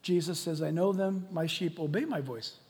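Pastor guy preaching, high voice, goes from yelling to almost whispering, long hall echo. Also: normal speed. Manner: preaching with big swings from shouting to hushed. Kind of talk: sermon. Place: church sanctuary. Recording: long reverb of a large hall.

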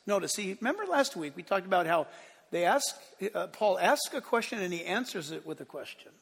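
High bright-voiced preaching man, reverberant. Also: big pitch swings, fairly quick, gravelly, breathy edge. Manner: emphatic preaching, swinging between loud declarations and hushed asides. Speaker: pastor. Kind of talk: sermon. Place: church sanctuary.

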